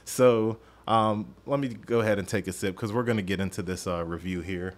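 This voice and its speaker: A man's voice: lowish voice, a little fast. A man hosting a podcast, chatting casually through a music review in a rambling, self-deprecating way and stumbling over his words. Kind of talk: casual solo review chat.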